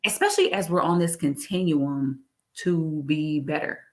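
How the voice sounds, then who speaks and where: A woman talking in a casual interview, animated, laughing often and repeating her phrases. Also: low-pitched, normal speed. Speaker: guest, executive director.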